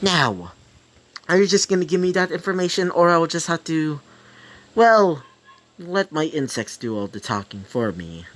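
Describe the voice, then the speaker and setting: A man's voice: on the high side, sing-song, fairly bright tone, pitched above the performer's own voice. A man doing a taunting insect-king antihero. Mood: menacing. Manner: taunting, drawn-out threats. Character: cold, mocking young male insect-controlling antihero.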